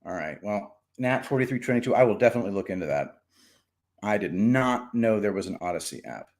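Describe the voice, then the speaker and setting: A man's voice: fairly low pitch, animated, fairly quick, darkish tone. A man hosting a casual livestream, chatting with viewers, greeting them by name and telling jokes. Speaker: livestream host.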